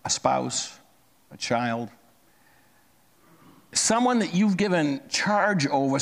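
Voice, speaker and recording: An American man in his sixties tells a personal story in a plain-spoken, conversational way, his voice fairly high-pitched and gravelly.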